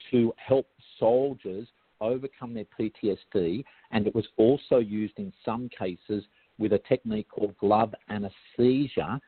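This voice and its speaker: A man's voice: fairly low pitch, breathy edge, no echo. Chatty Australian man on a tinny line. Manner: chatty, digressive, self-interrupting. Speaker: guest hypnotherapist. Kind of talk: casual explanatory interview talk. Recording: tinny phone-like line, dry.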